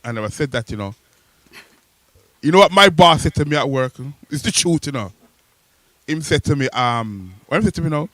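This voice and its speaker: A man, co-hosting a casual online radio show and sending playful, argumentative shout-outs. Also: fairly high pitch, animated, normal speed, pauses often, no echo. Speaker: co-host and DJ.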